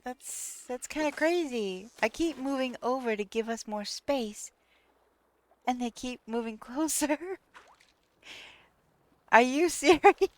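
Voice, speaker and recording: A woman's voice: on the high side, unhurried, a little mellow. A woman streaming a video game live, chatting casually, laughing often and exclaiming in disbelief. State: laughing to tears. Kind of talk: casual live-stream chat while playing.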